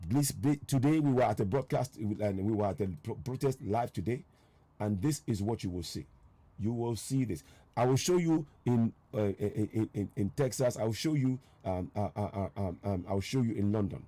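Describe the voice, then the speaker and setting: Every so often he hammers one point home with insistent rhetorical questions. A man hosts a live stream, pitched in the middle and steady in tone. His delivery moves between quiet explaining and loud, repeated demands that the viewer look and see. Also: moderate pace, no room sound. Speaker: live broadcast host. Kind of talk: live online commentary with callers.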